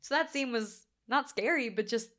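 A young woman co-hosting a casual movie talk, chatty and animated, swearing and laughing often. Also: fairly high pitch, moderate pace. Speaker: podcast co-host.

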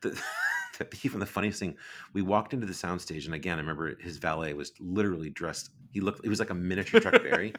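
A middle-aged man telling rambling, animated anecdotes as a guest on a podcast. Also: low-pitched, fast, a little hiss or hum. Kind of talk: casual storytelling.

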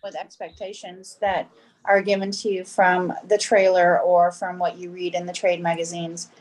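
A woman's voice: lowish voice, monotone, normal speed, a little mellow, low-quality recording. A woman guesting on a film podcast, talking casually with hesitant ums. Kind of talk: casual chat.

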